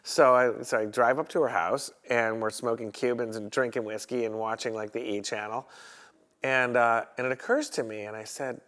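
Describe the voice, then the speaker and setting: A man's voice: mid-range voice, moderate pace. A man from Chicago, a photographer guest, telling anecdotes in a casual interview and acting out the other people in them. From Chicago, USA. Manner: animated storyteller who acts out other people's lines.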